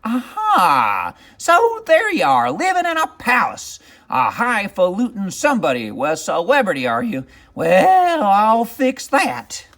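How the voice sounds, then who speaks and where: A man's voice: high-pitched, wildly swooping pitch, takes it slowly, hardly any pauses, a bit bright, voice pushed up, full character voice. A man voicing an angry little female witch in a storybook read-aloud, chanting and muttering her spells. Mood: scheming.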